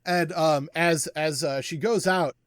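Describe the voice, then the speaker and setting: A man narrating as game master of a tabletop wrestling game, relaxed and explanatory, with many fillers. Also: fairly high pitch, takes it slowly, dry recording.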